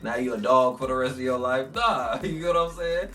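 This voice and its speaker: A man's voice: mid-range voice, fairly quick, fairly bright tone, distant mic, soft background music. A man teaching a scripture lesson. He reads the old text aloud, then explains it in casual slang and acts out the voices he quotes. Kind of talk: informal religious teaching.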